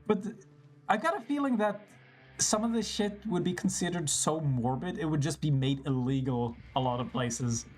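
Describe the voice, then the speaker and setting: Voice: mid-range voice, animated, normal speed, darkish tone, faint music behind. A streamer casually commenting on a game, swearing and joking at the characters.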